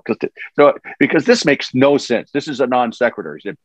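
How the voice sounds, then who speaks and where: An older man, a voice actor guest, tells stories in a casual interview. He is animated, laughs as he goes, and often restarts his sentences. The sound is dull and lo-fi, and completely dry. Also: medium pitch, fairly quick, hardly any pauses, no room sound.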